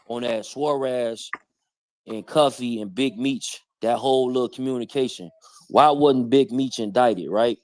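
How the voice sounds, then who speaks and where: A man's voice: medium pitch, a little mellow, no echo. A man hosting a live stream, bluntly challenging people in heavy street slang. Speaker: stream host. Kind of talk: heated live-stream commentary.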